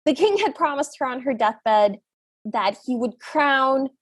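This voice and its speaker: Giggly woman podcast co-host with a high voice, casual film chat, dry close mic. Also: lively intonation, a little slow, no room sound. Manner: giggly, laughs often while talking.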